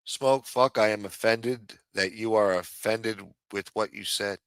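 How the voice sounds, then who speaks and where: A man's voice: on the low side, fairly even intonation, unhurried, fairly bright tone, smooth, no echo. A man hosting a livestream, delivering a heated, profane rant with lots of repetition. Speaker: livestream host. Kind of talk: profane political rant on a stream.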